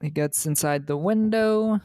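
A man's voice: a little high, unhurried, mellow, no room sound, clean studio sound. A man co-hosting a podcast, casually retelling a film's scenes and laughing often as he goes. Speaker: podcast co-host. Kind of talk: casual movie recap chat.

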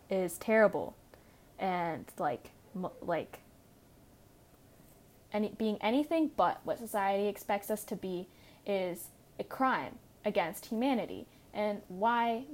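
A young woman in her teens, telling her own story in a casual, rambling way, with many fillers and restarts. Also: medium pitch. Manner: rambling, self-correcting, frequent fillers. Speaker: podcast host.

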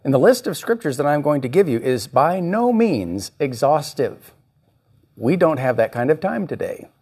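A man's voice: on the high side, big pitch swings, normal speed, darkish tone, slightly rough. A male pastor preaching a sermon, reading scripture and acting out the voices he quotes. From United States.

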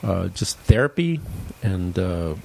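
A man's voice: takes it slowly, creaky. A man in his sixties from Los Angeles, telling long personal stories in casual podcast chat. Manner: animated, acts out quotes with big pitch jumps. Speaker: podcast guest, exterminator and comedian. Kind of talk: casual storytelling.

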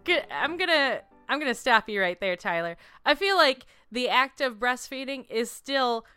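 A woman's voice: high voice, big pitch swings, moderate pace, hardly any pauses, pushed and bright, clear, resonant tone, no room sound, faint music behind. A young woman co-hosting a comedy podcast, chatting casually in a giggly, outspoken way. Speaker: podcast co-host.

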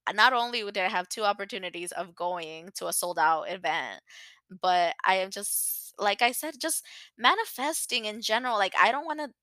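A young adult woman hosting her own podcast, chatting in an animated, rambling way. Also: mid-range voice, moderate pace, no echo. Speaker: podcast host. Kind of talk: casual solo podcast chat.

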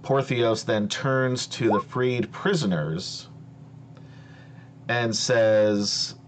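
A man narrating as game master of a tabletop game, slow and hesitant with many fillers. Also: medium pitch, a little hiss or hum.

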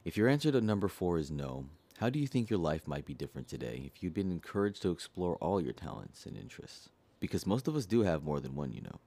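A man with an extremely low, deep voice reads a self-help book aloud. His delivery is steady and earnest, and he poses each question directly to the listener. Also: fast talker. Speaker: audiobook reader.

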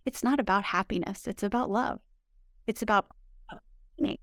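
A woman's voice: medium pitch, normal speed, no room sound, studio quality. A woman healing coach answering interview questions in an emphatic, upbeat way, often repeating words for stress. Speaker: spiritual healing coach, guest.

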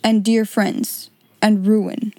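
A woman's voice: medium pitch, little pitch movement, takes it slowly, mellow, dry recording. A woman voicing a dry, nervous male solicitor in a storybook reading, speaking in a clipped, blunt, disapproving way. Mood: curt disapproval.

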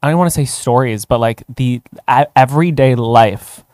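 A man's voice: mid-range voice, normal speed, no echo, clean studio sound. Curious male podcast host asking questions. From outside the United States. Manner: curious, gently probing questions. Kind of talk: interview conversation.

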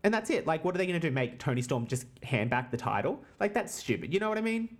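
Low, lively-voiced woman podcast host. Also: fast. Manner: swears a lot, teasing, laughs often. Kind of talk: casual wrestling podcast chat.

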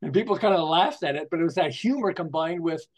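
A man's voice: a little high, fast. An older man, a marketing consultant, chatting as a podcast guest and telling stories with frequent laughter. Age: 60s or older. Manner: animated, laughs often while telling jokes and anecdotes. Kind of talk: casual conversational storytelling.

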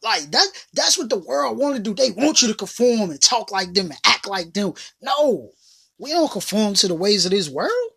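A woman's voice: mid-range voice, very animated, moderate pace, creaky, a bit bright, breathy edge. A woman hosting a casual motivational talk, who speaks emphatically and repeats her phrases in a slangy, conversational way. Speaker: motivational podcast host.

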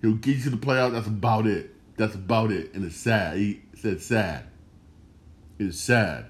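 A man's voice: on the low side, measured pace. Emphatic slangy man repeating himself. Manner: repetitive, emphatic, slangy, restarts phrases. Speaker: sports podcast host. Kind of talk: casual solo sports commentary.

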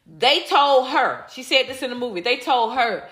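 A high-pitched, bright woman delivers a heated casual rant, blunt and repetitive, now and then swearing. She reads out viewer comments live, and her voice bounces around a roomy, echoey space. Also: animated, moderate pace.

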